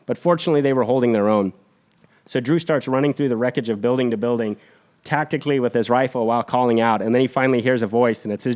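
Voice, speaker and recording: A man on a podcast retelling a war story in an energetic, blunt, profane way. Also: medium pitch, fast talker.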